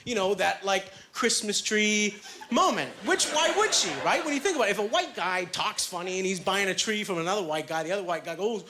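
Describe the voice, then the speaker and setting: On a club stage, a man does a stand-up set, chatty and self-deprecating, full of filler words and quick asides. His voice is high-pitched and animated over a noisy background.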